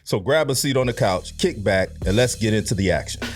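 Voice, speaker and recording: A man from Detroit hosting a sports podcast, casual and animated. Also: lowish voice, brisk, faint music behind. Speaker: podcast host.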